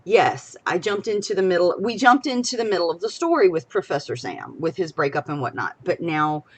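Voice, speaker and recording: A young woman, talking casually on a live stream. Her voice sits a little low, and she rambles excitably, jumping from loud bursts to soft asides. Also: fairly quick, slightly rough. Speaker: podcast co-host.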